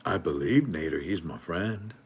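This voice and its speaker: A man's voice: expressive, moderate pace, husky. Joking man reading news aloud. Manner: joking, mocking, laughs often, acts out officials in a high voice. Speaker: host. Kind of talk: casual commentary reading news articles.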